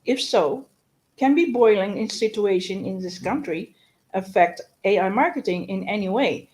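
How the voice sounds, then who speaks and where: A woman hosting a live news and Q&A stream, halting and stumbling often as she complains in exasperation. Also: medium pitch, animated, darkish tone, rough recording.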